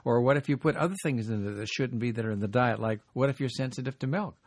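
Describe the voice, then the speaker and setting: A man's voice: mid-range voice, dry recording. Man doctor hosting health radio. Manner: explanatory, brisk asides. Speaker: doctor and radio show host.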